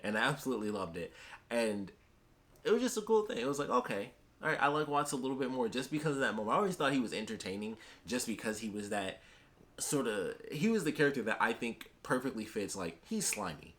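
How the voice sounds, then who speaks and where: Young male reviewer, casual and joking, lively swings in pitch. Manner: chatty, joking, lots of fillers. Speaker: show reviewer.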